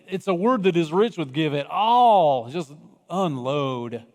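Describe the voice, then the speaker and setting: A man preaching a sermon as pastor, animated, acting out cries from the story and dropping to hushed, earnest tones. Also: fairly high pitch, slow. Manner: animated, acts out voices of people in the story, swings from loud cries to hushed. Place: church sanctuary. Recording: long reverb of a church hall.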